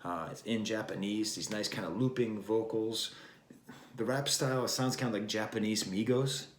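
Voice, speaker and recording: A man's voice: fairly low pitch, normal speed. A man hosting a casual album review, talking in a rambling, wry way and drifting between thoughts with plenty of fillers. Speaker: record review host. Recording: roomy echo.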